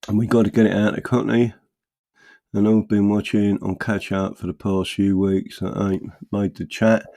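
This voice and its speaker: A middle-aged man runs a casual livestream from home, reading out viewer comments. His low voice has a gravelly, creaky edge. He rambles, jumps up into animated bursts, then drops to mutters while fiddling with his screen. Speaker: political livestream host.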